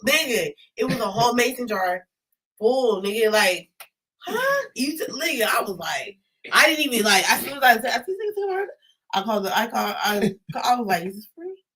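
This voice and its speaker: A young man from California with a Californian accent, telling stories in a casual chat. He is animated, swears a lot and gets shouty when riled up. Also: very high-pitched, normal speed, far from the mic, low-quality recording.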